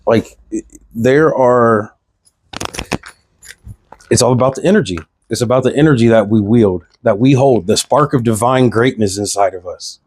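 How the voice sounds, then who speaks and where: A man's voice: mid-range voice, moderate pace, long pauses, darkish tone, no room sound. A man speaking, giving a passionate spiritual monologue to camera that repeats phrases and fires off rhetorical questions. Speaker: vlogger.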